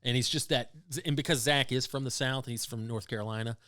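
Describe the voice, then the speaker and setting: A man co-hosting a casual comedy podcast who talks in a relaxed way, asks questions and drops in short replies. His voice has an ordinary mid pitch. The sound is dry and close to the mic. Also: a little fast, no echo. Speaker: podcast co-host.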